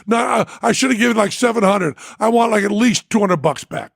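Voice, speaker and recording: A man's voice: high voice, fairly quick, vocal fry, breathy edge, no echo, clean studio sound, voice pushed up, exaggerated voice. A man voicing an irate middle-aged man who insists on haggling over a shipping bill, indignant and profane.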